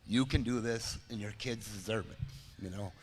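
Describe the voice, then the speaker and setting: A man giving his testimony of recovery during a church service, speaking haltingly and with emotion. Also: fairly low pitch. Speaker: guest sharing recovery testimony. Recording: reverberant church hall with faint noise.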